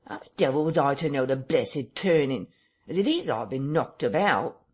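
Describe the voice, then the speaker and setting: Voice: medium pitch, big pitch swings, measured pace, a little mellow, husky, voice pushed up. A reader voicing a frightened, self-pitying tramp who whines and complains near tears. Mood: whining. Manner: whining, tearful, complaining.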